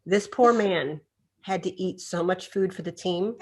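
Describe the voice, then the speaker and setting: On the low side and a little slow, the middle-aged chiropractor recounts stories animatedly during a podcast interview, voicing each person she quotes.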